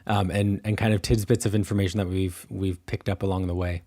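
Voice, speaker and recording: A man's voice: sits low, level tone, fairly quick, warm tone. A young American man co-hosting a podcast, chatting casually with many fillers and restarts. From United States. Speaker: podcast co-host. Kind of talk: casual chat.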